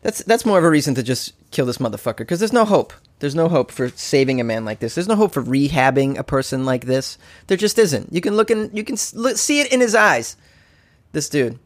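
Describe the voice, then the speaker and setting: A man's voice: medium pitch, no echo. Sarcastic, swearing male comedian, dry sound. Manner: sarcastic and profane, often breaking into laughter. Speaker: stand-up comedian. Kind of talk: solo comedic podcast rant.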